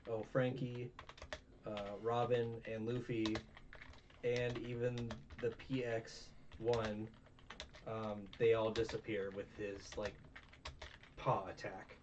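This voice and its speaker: A man's voice: mid-range voice, monotone, takes it slowly, long pauses. A tired young man hosting a casual review chat, rambling with many fillers and self-mocking asides. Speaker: podcast host. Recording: distant, dull mic with faint noise.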